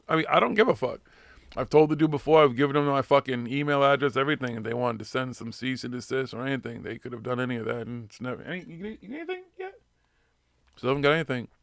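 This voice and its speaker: A man's voice: mid-range voice, quick pace, vocal fry, a bit bright, no room sound, clean studio sound. A man with a Boston accent hosting a live radio show, rambling and swearing constantly in brash, casual chat. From Boston, USA.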